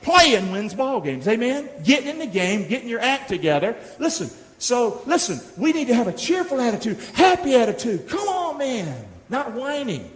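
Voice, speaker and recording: A man's voice: extremely high pitch, big pitch swings, normal speed, hardly any pauses. A middle-aged man preaching a sermon as pastor, exhorting the congregation and calling for responses. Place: church sanctuary. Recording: echoey hall, long reverb.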